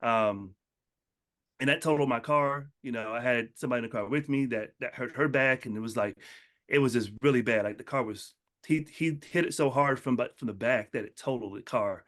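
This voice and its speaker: A man giving a casual motivational talk, telling personal stories and acting out the people in them with lively changes of voice. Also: medium pitch, fairly quick. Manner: storytelling, acts out quotes in animated voices. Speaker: motivational speaker.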